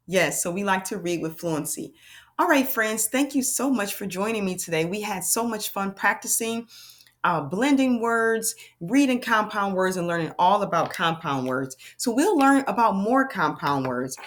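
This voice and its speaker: Woman, children's reading teacher, animated sing-song delivery, slow sounding out, mid pitch. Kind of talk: children's phonics lesson.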